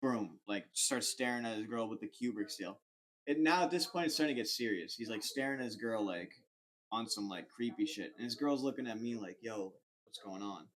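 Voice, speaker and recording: A man's voice: medium pitch, brisk. A young man on a casual podcast, telling a rambling, slangy story full of "like". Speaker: podcast co-host.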